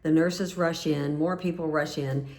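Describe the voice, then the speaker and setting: A woman's voice: low voice, fairly even intonation, measured pace, darkish tone. A middle-aged woman telling a personal story in a casual, rambling way, close to tears. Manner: rambling, with many restarts and fillers.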